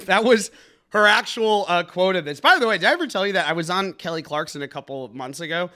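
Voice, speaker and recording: A young man hosts a comedy news podcast, his voice sitting high and ringing bright. He riffs fast and sarcastically and slips into a punchy mock-announcer delivery. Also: animated. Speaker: comedy news show host.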